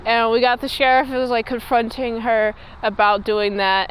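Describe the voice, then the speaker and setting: A woman's voice: fairly high pitch, flat delivery, moderate pace, clean tone, poor audio. A woman giving a casual, rambling episode recap, full of fillers and loose asides. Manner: rambling, filler-heavy chat. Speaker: show reviewer.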